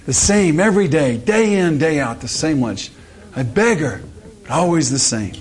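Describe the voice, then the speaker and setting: A man putting on a high, wailing construction worker in a joke. He exclaims and laments with theatrical despair. The pitch jumps well above the storyteller's own and gets louder. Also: expressive, moderate pace, close to an everyday voice. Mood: lamenting.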